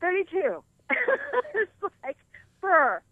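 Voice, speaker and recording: A woman's voice: a little high, brisk. An older woman calling in to the show, telling a story in a chatty way and laughing often. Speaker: co-host calling in. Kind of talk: casual phone chat. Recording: tinny phone line.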